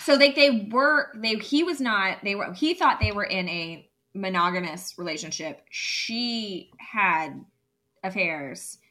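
A woman co-hosting a podcast, rambling excitedly through a book recap with lots of restarts. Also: medium pitch, takes it slowly. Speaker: podcast co-host. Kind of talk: casual chat, recapping a book.

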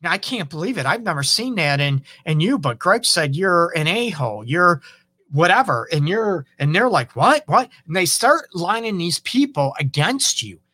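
Male relationship-show host, bright and a bit high, dry close mic, conversational, acts out the lines he quotes. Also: sing-song, moderate pace, dry recording. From Detroit area. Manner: conversational, acts out quoted dialogue, frequent "okay?" and "you know". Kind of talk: casual advice talk.

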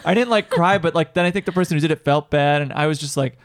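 A man co-hosting a podcast in casual comedic chat, rambling and self-deprecating with halting restarts. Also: a little high, no echo, studio quality. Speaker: podcast co-host.

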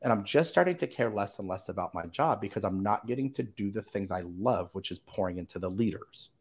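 Gravelly low-voiced man telling a story. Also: fairly quick. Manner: animated, acts out quoted voices, swears casually. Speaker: podcast guest. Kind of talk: personal storytelling in conversation.

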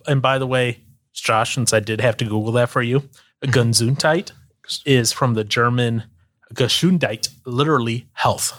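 A co-host of a casual faith podcast talks in a loose, rambling style full of fillers and quoted asides. His mid-range voice is steady in tone, slightly bright, and moves at a normal speed.

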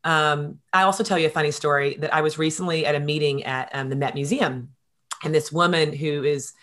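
A middle-aged woman telling stories in a casual interview, animated and quick, with many fillers. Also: low voice. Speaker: guest.

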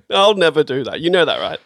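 A man's voice: on the high side, normal speed, vocal fry, dry recording. Teasing Australian man, dry podcast sound. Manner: teasing, deadpan banter, trails off quietly. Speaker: podcast co-host. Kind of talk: casual chat.

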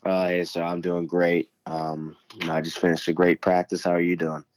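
A teenage boy with a very deep voice answers interview questions, polite and a little hesitant with frequent "um"s. His delivery stays flat and even, and the sound is dry. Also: normal speed, no room sound. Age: teens. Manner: polite, hesitant, many "um"s, says "sir". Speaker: guest, high school quarterback.

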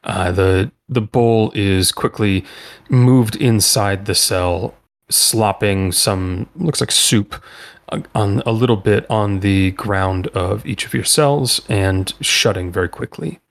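A man narrating as game master of a tabletop role-playing game, in loose, halting speech full of fillers. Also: on the low side, creaky.

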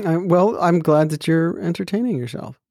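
A man co-hosting a podcast in casual chat, deadpan and teasing. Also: a little high, moderate pace, gravelly, no room sound, clean studio sound. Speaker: podcast co-host.

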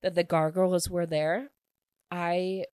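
A young adult woman excitedly recapping a book she loved, talking fast and gushing, with a constant filler "like". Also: fairly low pitch, smooth, no room sound, clean studio sound. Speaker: book reviewer.

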